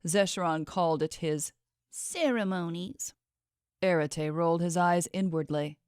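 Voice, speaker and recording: A woman narrating a fantasy audiobook in a measured, expressive reading. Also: fairly low pitch, clear, resonant tone, no echo, studio quality. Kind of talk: scripted fiction narration.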